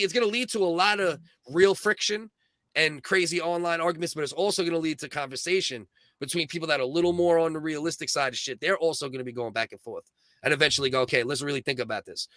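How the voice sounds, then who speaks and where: A man's voice: on the high side, sharp tone, no echo, studio quality. A man co-hosting a casual chat, earnest and rambling, with many restarts. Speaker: podcast co-host.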